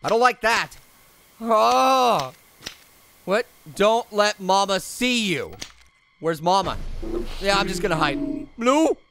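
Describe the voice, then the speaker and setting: A man doing a shrill, gravelly cartoon fruit gamer. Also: slow pace, pauses often, background noise, heavily acted. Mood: jumpy. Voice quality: high, gravelly voice. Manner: excitable, yelps and shrieks at scares, repeats himself. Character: hyper, wisecracking cartoon fruit gamer, male. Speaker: let's play commentator. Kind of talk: let's play commentary.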